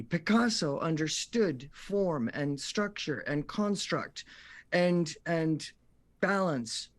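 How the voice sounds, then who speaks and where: Lively talk show guest, male voice actor, slightly high voice, storyteller who acts out quotes.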